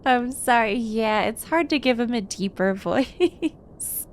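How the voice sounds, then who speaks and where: A woman's voice: on the high side, lively intonation, slow, a little hiss or hum. Giggly young woman streaming a game. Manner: giggly and chatty, reacting to the game. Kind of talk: casual livestream commentary.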